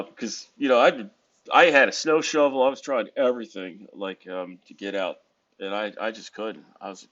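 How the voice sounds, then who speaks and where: Speaking a little fast in a lowish, fairly bright voice, a weary US vlogger rambles casually from his hotel room. He's wry and keeps correcting himself, and the recording's highs are cut off.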